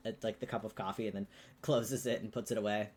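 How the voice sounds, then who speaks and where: A man narrating as game master of a tabletop role-playing game, with many fillers and pauses. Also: fairly low pitch, fairly even intonation, a little mellow, breathy edge. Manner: hesitant, lots of fillers.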